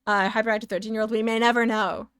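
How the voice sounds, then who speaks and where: A woman's voice: fairly high pitch, level tone, very fast, a bit bright, clean tone, no room sound, clean studio sound. A woman streamer chatting playfully and sassily with her viewers while she draws, giggling often. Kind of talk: casual live-stream chat while drawing.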